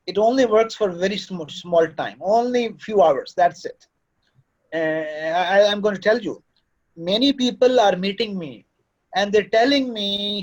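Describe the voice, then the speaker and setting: A man with a high-pitched voice speaks unhurriedly to students in a classroom, lecturing them in a fatherly way as course director and occasionally switching to Urdu. Soft music plays in the background, and the highs are cut off.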